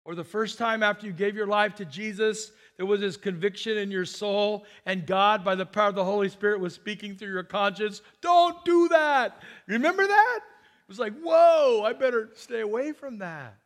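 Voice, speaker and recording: High-voiced animated male pastor preaching. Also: fairly quick. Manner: animated storyteller, acts out quotes with big swings. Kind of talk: sermon.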